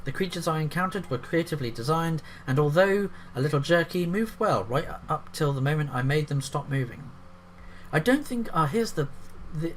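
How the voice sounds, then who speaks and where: A YouTube commentator with a slightly high voice reads an article aloud, then breaks off into sarcastic, profane remarks. There's a little background noise.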